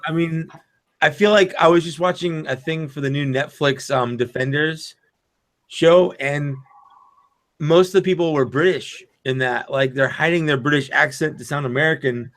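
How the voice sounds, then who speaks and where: A man co-hosting a casual podcast, rambling and halting as he searches for names. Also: a little high, a bit bright. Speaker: podcast co-host. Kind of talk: casual chat on a live stream.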